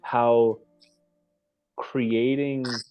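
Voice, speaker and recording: A man hosting a casual group call, energetic and animated, often checking in with "right?", heard over muffled lo-fi call audio. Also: medium pitch, drawn-out words, soft background music. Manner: energetic and animated, with many restarts and "right?" tags. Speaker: host of the goal call.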